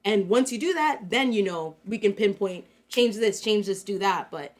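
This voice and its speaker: A woman co-hosts a casual business podcast. Her voice sits at an ordinary pitch for a woman. She gives coaching advice in short, measured phrases. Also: lively intonation. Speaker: podcast co-host.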